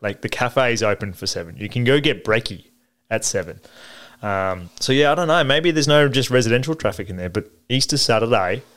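A man's voice: medium pitch, fairly quick. A man with an Australian accent chatting casually, rambling with lots of fillers. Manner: rambling, filler-heavy, animated. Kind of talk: casual chat.

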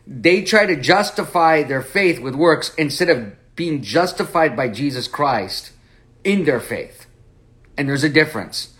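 Lively man teaching a Bible study. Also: fairly high pitch. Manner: animated, acts out quoted lines, rhetorical questions.

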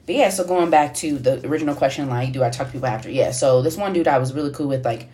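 A woman's voice: a bass voice, fast talker, dark tone. A young woman hosting a podcast, telling a story in a loose, slangy way, cursing freely and acting out the dialogue. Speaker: podcast host. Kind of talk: casual storytelling.

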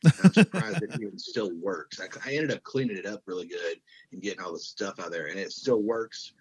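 A man's voice: sits low, animated, brisk, a little mellow, slightly rough. A man in his thirties, chatting casually, rambling with lots of fillers, restarts and swearing. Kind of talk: casual chat. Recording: dull lo-fi sound.

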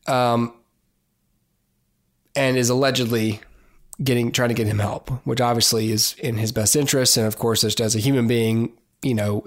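A man hosts a podcast by himself and talks loosely, with plenty of ums and restarts. He gives blunt, opinionated takes in a casual tone. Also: mid-range voice. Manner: rambling, many fillers and restarts. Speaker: podcast host. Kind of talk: casual solo commentary.

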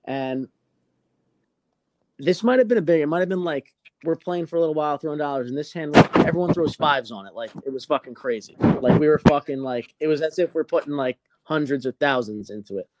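A man's voice: a little high, a little fast. A young man hosting a podcast, telling a story in casual chat, swearing a lot. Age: young adult. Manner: profane, animated storytelling. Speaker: podcast host.

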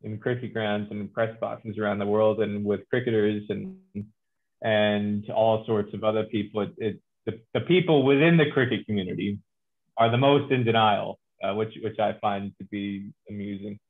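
A man's voice: on the low side, normal speed. A man with an American accent, a guest cricket journalist telling stories in an interview and acting out the people who doubt him. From United States (New York, New Jersey). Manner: animated storytelling, acts out incredulous people. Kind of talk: remote interview conversation. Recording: tinny phone-like line.

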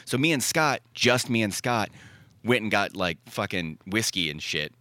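A man's voice: on the low side, normal speed, dry recording. A young man telling stories in casual chat, blunt and profane, acting out what people said. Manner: profane, blunt storytelling with animated quoted asides.

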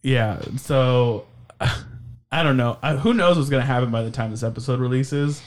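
A man's voice: mid-range voice, moderate pace. A man co-hosting a podcast in casual chat, rambling with many fillers and restarts and swearing freely. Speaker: podcast co-host.

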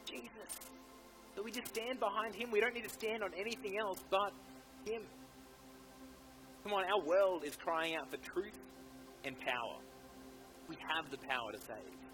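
A man's voice: high voice, normal speed, pauses often, poor audio. Fervent man preaching over music. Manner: fervent, exhorting, repeats "come on". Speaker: pastor. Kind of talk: sermon. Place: church.

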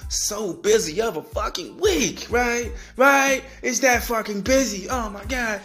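In a profane solo rant on his podcast, a young man with a high-pitched, slightly bright voice lays into his friends at normal speed, barely pausing, with faint music in the background. He swears constantly, stumbles on repeated words and mimics them in a whiny voice.

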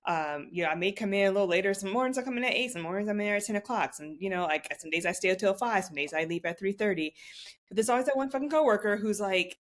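A young adult woman co-hosting a podcast, chatting casually, animated and profane, laughing often. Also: mid-range voice, fast. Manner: animated, swearing, laughs a lot. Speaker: podcast co-host. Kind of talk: casual chat.

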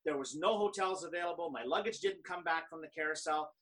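Bright-voiced man telling a story. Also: fairly high pitch, fast, recorded from a distance, poor audio. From Canada. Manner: animated, quotes others in lively dialogue. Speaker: guest speaker. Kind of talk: conversational storytelling.

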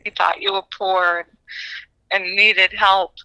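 Bright, teasing woman co-host. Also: mid-range voice, little pitch movement, rough recording. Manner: teasing, quick joking asides. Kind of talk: casual chat.

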